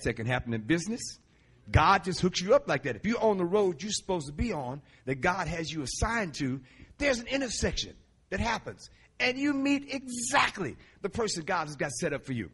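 A middle-aged man, a Christian musician, preaching in a lively storytelling way, laughing often and stretching words for emphasis, with a husky voice. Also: fairly high pitch. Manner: animated, laughing, drawn-out emphasis. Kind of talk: storytelling sermon.

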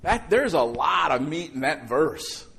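Middle-aged male pastor, slightly high voice, animated sermon delivery, quiet one moment and loud the next. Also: a little slow, creaky, husky. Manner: animated, conversational preaching with sudden loud outbursts.

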